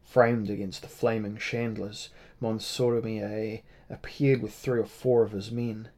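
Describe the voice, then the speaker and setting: A man narrating a novel in a measured, dramatic reading style. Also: on the low side, flat delivery, a little mellow. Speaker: audiobook narrator. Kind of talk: scripted narration.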